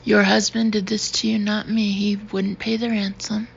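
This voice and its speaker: A woman's voice: medium pitch, flat delivery, moderate pace, gravelly. Woman reading as a cold kidnapper gunman. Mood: cold menace. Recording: dull, slightly noisy recording.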